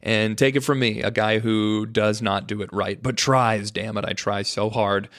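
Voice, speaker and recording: A man's voice: lowish voice, fairly even intonation, normal speed, hardly any pauses, a bit bright. Rambling, jokey male podcast host. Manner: rambling, jokey, mock-dramatic asides to "folks". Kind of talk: casual solo podcast monologue.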